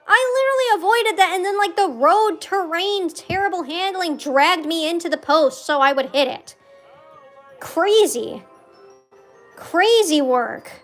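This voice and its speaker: A woman's voice: very high voice, animated, measured pace, faint music behind. A young woman streaming a video game, chatting casually, swearing and ranting when she fails. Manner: muttering quietly to herself. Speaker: gaming streamer. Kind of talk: casual gameplay commentary.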